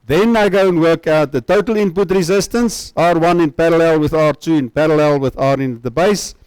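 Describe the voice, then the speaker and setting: A man's voice: a little high, fairly quick, a little mellow, smooth, no room sound, low-quality recording. A man giving a university lecture, often checking that students follow with tag questions.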